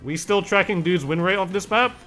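A man's voice: sits high, a little fast, pushed and bright, soft background music. A young man streaming a video game, chatting casually, reading and answering chat and laughing often.

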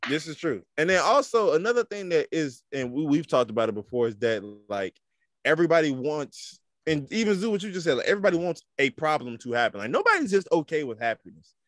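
A man co-hosting a podcast in casual chat, slangy and animated. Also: fast, no echo, clean studio sound. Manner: animated, slangy, jumps in pitch when riled up. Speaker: podcast co-host.

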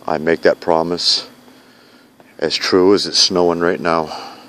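His deep voice is level, slow and a bit bright as this vlogger speaks to his fiancée. Standing in a snowy park at night, he records a sincere, pleading message punctuated by repeated, vow-like phrases.

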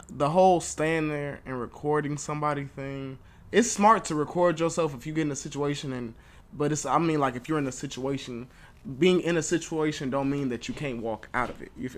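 A man's voice: medium pitch, fairly even intonation, fairly quick. A young man hosting a reaction video, joking bluntly and swearing in casual commentary. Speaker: YouTube reaction host.

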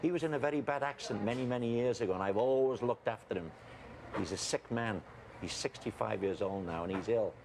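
An actor playing a defensive middle-aged farmer with a Liverpool accent who keeps calling people mate. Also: male voice, mid-range voice, brisk, close to an everyday voice. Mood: earnest. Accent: Liverpool (Scouse). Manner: blustering, animated, calls people mate. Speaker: farmer, cousin of a lookalike. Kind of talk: film acting. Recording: film audio with background noise.

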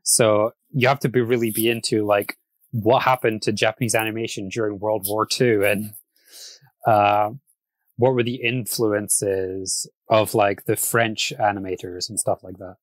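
Man, podcast host, casual chat, fairly low voice, dry close mic, laughs often. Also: little pitch movement, unhurried, no room sound. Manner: chatty, laughs often, frequent restarts.

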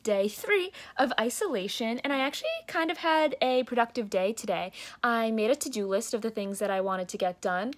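A young woman student recording a casual daily video diary, chatty and self-deprecating, often laughing at herself. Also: fairly high pitch. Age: young adult. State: isolating with coronavirus, no symptoms. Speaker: student vlogger.

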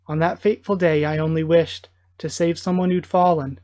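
A man voicing a gentle-mannered adult male reformed villain, reading his lines in an earnest, reflective way. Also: a little high, flat delivery, normal speed, dry recording, natural voice.

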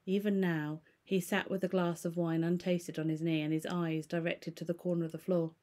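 Mellow-voiced woman reading to a class. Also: fairly low pitch. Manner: steady, measured reading with small stumbles. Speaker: teacher. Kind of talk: reading a novel aloud to a class.

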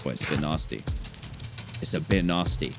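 A young man hosting a gaming channel, giving let's-play commentary and swinging between calm chatter and panicked yelps. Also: rumbling low, moderate pace, gravelly, over music.

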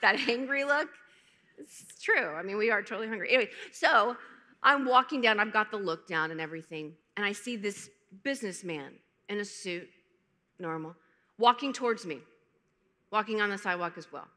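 A woman in her thirties shares a personal testimony from a conference stage, candid and emotional, with flashes of self-deprecating humor. Her voice is bright and forward at a middle pitch. A long hall reverb trails behind her words. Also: fairly quick. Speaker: conference speaker.

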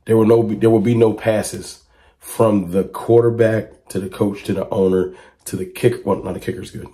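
A man talking straight to camera as a sports fan commentator, with a low, dark tone. He presses his points emphatically and keeps firing rhetorical questions at his listeners. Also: normal speed. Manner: rises to excited high-pitched exclamations when reacting to clips.

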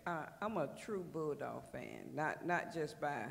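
A man's voice: on the high side, wildly swooping pitch, unhurried, gravelly. A man in a church Bible study sharing his view earnestly and emphatically. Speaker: congregant. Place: church sanctuary. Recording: long church reverb.

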